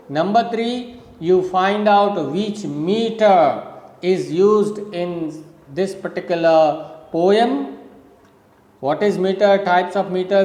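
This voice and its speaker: Guy teaching a college class, talks real slow and repeats stuff, echoey room. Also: high voice, a little mellow. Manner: slow, explanatory, repeats words and counts steps aloud. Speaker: college lecturer. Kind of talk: recorded classroom lecture. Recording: echoey room with long reverb.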